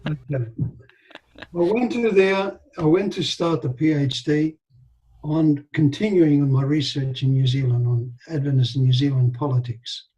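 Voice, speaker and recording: An older man, telling animated anecdotes with quoted dialogue as an interview guest. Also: a little high, measured pace, rough recording. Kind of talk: storytelling in a casual interview.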